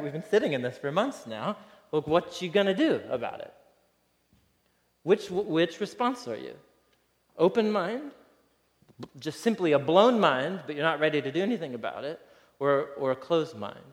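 A man in his thirties, a pastor giving a sermon in a conversational, storytelling way and chuckling often. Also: fairly high pitch. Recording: reverberant hall.

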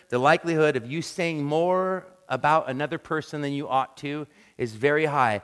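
Man preaching in a reverberant hall. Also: a little high. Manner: animated, self-deprecating storytelling with quick acted quotes. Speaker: pastor. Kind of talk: sermon. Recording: long reverb of a large hall.

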